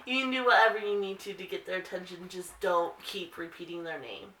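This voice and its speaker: A woman dog trainer explaining training steps calmly in a casual instructional video. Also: a little fast, distant mic. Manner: calm explaining, breaks into high sing-song calls to the dog. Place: indoor room. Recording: roomy echo, voice a bit off-mic.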